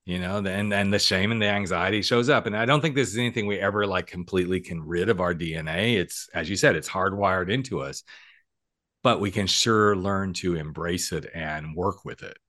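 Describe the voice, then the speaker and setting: A man hosting a podcast, talking in an animated, emphatic, chatty way. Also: sits low, fairly quick, no room sound, clean studio sound. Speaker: podcast host and coach. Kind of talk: casual podcast conversation.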